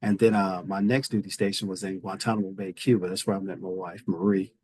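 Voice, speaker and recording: A middle-aged man from Indiana with a Southern US accent, telling his story in a relaxed interview, often restarting his sentences. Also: deep voice, fast, slightly rough, no echo, poor audio. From Indiana, USA. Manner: relaxed storytelling with frequent repeated starts. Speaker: guest, federal official. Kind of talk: conversational interview.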